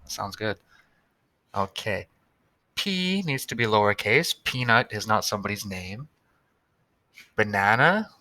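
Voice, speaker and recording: A man's voice: fairly low pitch, sharp tone, no echo. A man teaching a recorded tutorial for young students, patiently sounding out words and spelling them letter by letter.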